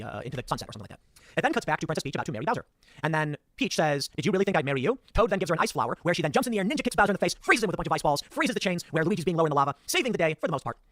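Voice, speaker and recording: A man's voice: fairly high pitch, very animated, very fast, a bit bright, no room sound, clean studio sound. A man recapping a movie's plot in a critical, opinionated commentary video.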